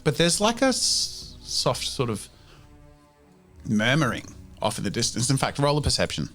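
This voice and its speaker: A man's voice: medium pitch, very animated, normal speed, fairly bright tone, soft background music. A man narrating as game master in a casual, rambling way, full of fillers.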